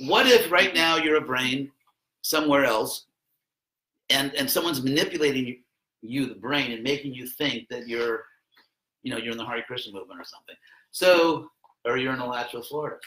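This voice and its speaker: A man's voice: mid-range voice, normal speed, sharp tone, reverberant, rough recording. A man giving an informal classroom lecture in a rambling, conversational way, with wry asides.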